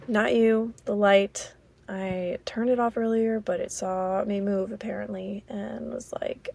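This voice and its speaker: American woman, podcast host, solo casual chat; slow, vocal-fry delivery, halting and rambling. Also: mid-range voice, fairly even intonation, a little mellow, a little hiss or hum. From Maryland, US. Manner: rambling and halting, with many fillers.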